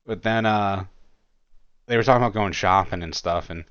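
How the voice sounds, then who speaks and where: A man's voice: lowish voice, moderate pace, a bit bright, clean tone, no echo, lo-fi sound. A man hosting a casual video commentary, musing aloud with many fillers and restarts as he reads through chat logs. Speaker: commentary host.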